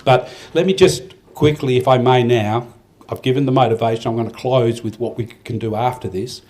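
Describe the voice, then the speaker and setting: A man's voice: mid-range voice, steady tone, fairly quick, a little mellow. An older Australian man giving a rambling, heartfelt speech at a farmers' awards night, with many restarts. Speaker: event organiser giving a speech. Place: event hall.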